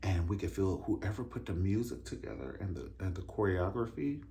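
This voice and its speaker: Casting: deep-voiced man, casual vlog chat, lively and talkative, faint noise behind. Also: brisk. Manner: animated, chatty, vocalizes drum rhythms and says "honey". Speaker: vlogger reviewing a dance concert.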